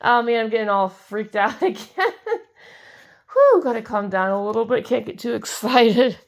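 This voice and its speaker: A woman's voice: on the high side, expressive, normal speed. A young woman chatting casually as she opens trading card packs, giggling and gushing over the cards she likes. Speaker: card-collecting video host. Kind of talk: casual pack-opening commentary.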